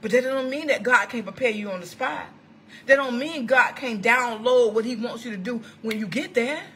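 A woman prophetess preaching an impassioned online sermon into a computer microphone. She is fervent and exclamatory, swinging between shouts and hushed asides. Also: a little high, moderate pace, a little hiss or hum.

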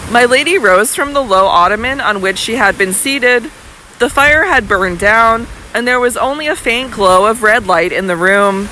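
A woman's voice: a little high, lively intonation, moderate pace, pushed and bright, a little hiss or hum, rough recording. Woman narrating a classic novel. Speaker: audiobook narrator. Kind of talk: scripted narration.

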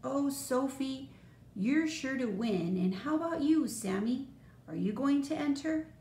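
A woman playing a gentle, patient mother. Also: sits high, expressive, a little slow, voice pushed up. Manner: soft, gentle, reassuring. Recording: roomy echo, faint noise.

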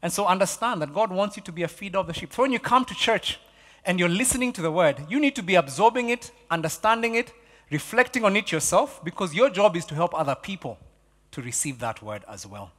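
A man delivers a sermon with a high, bright voice, animated and emphatic. He repeats key phrases for effect, swinging from loud to hushed. The sound carries the long reverb of a church hall. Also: fast. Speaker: pastor.

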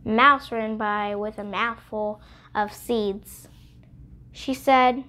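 A woman reading a children's picture book aloud, clear and expressive. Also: fairly high pitch, very slow. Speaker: storybook reader. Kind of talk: children's read-aloud narration.

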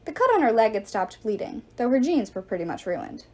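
A woman reading a novel aloud as narrator, with expressive, animated delivery. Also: fairly high pitch, a little fast, breathy edge. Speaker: audiobook reader.

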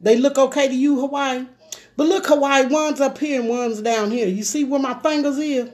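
A woman's voice: high-pitched, steady tone, moderate pace, a little mellow. A woman chatting casually with viewers on a live makeup stream, folksy, and she keeps calling out to her audience. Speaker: beauty livestreamer.

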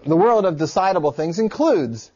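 Guy with a high voice teaching a theory class, loose and jokey, dull lo-fi classroom recording. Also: moderate pace, slightly rough. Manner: relaxed and joking, with filler words. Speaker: lecturer. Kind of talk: classroom lecture. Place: lecture room.

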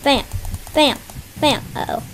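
A woman's voice: takes it slowly, fairly bright tone, soft background music. A woman giving casual, chatty commentary on her own gameplay, talking to herself and yelping when surprised. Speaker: gameplay streamer.

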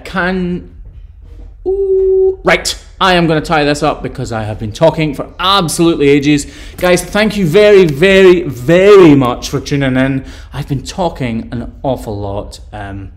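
A Scottish man hosting a live stream, reading out viewer questions and answering them in an upbeat, chatty way. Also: fairly high pitch. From Scotland.

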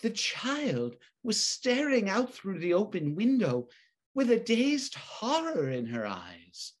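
A woman narrating a spooky story in a stage reading, with expressive storytelling. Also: mid-range voice, takes it slowly.

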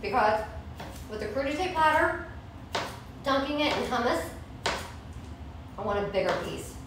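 A woman's voice: sits high, expressive, normal speed, very echoey, recorded from a distance, noisy background. A woman hosting a casual home cooking show, chatting and snacking in her kitchen as she preps food. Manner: chatty, eats while talking, laughs easily.

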